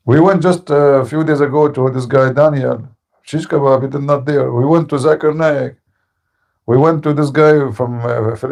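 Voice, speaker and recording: A man's voice: medium pitch, vocal fry, a little mellow. A man hosting a live call-in stream, delivering a mocking, taunting monologue in broken English and laughing at his own jokes. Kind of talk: combative monologue.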